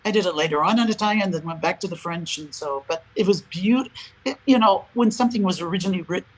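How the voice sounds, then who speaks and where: An older man, a guest opera singer, chatting in an interview and telling lively stories in which he acts out the lines of other people and laughs often. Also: sits high, quick pace, breathy edge, rough recording. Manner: animated storyteller, acts out quoted dialogue, laughs often. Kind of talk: casual interview chat.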